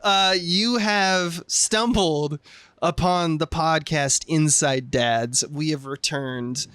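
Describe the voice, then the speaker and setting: Podcast co-host, male, slightly high voice, playful rambling banter, dry close mic. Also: a bit bright, clear, resonant tone, dry recording. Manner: playful, rambling, quick asides. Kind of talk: casual comedic chat.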